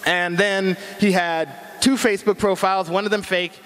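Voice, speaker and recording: A man's voice: high-pitched, steady tone, normal speed, a bit bright, in a large hall. A middle-aged man giving a casual, joking talk on internet safety, full of slang. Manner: chatty, joking, uses slang. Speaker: speaker at a cyber safety talk.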